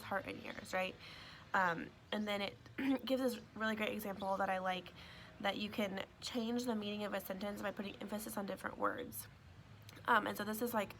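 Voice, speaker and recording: A woman teacher explains a lesson casually while standing outdoors beside a greenhouse. Her voice carries a gravelly, creaky texture. She talks in a chatty way, scattering fillers and tag questions through her explanation. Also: mid-range voice, fairly bright tone, a little hiss or hum.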